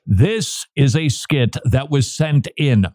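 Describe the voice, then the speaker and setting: A man's voice: medium pitch, slow pace, a little mellow, no echo, studio quality. A male radio host bantering playfully with mock-grand announcer flourishes.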